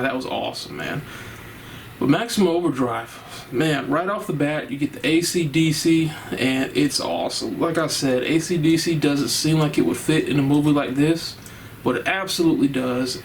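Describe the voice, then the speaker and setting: A man's voice: on the high side, moderate pace, gravelly, slight background noise, rough recording. Chatty man reviewing a horror movie. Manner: enthusiastic, rambling, laughs often.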